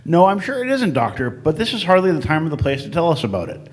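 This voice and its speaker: A brash young companion , acted by a man, speaks in quick, impatient bursts with a wildly swinging pitch. A faint hum runs behind him in this live fan radio play. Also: sing-song.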